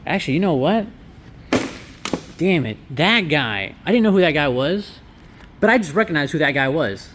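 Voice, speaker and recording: A man's voice: on the high side, big pitch swings, normal speed, pauses often, a bit bright, a little hiss or hum. A man who owns a laundromat, talking casually through a walkthrough vlog with sarcastic asides. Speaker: laundromat owner. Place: inside a laundromat.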